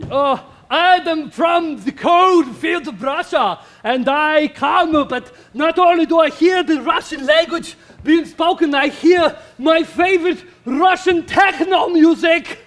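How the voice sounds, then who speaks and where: A boisterous Russian techno fan bellows his lines slowly and loudly in a high voice, as a man puts him on. It is a kids' skit gag. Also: full character voice.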